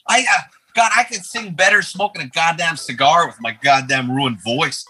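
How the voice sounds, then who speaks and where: A man with a Québécois French accent, a comedian guest telling rambling, profane stories and loudly acting out quotes. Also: a little high, normal speed, few pauses, breathy edge. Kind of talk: casual podcast chat.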